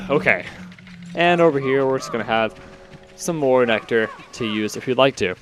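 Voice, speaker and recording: Here the same young gamer speaks at a moderate pace in a mid-range voice with lively intonation. Breathless and chatty, he commentates his playthrough casually, rambling and self-correcting as he goes.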